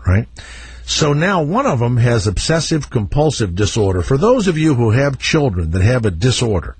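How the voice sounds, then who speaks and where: Middle-aged man, radio host, profane comic storyteller, lively swooping delivery, husky. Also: mid-range voice, moderate pace, no room sound. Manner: profane, animated storyteller acting out voices. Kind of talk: comedic storytelling on talk radio.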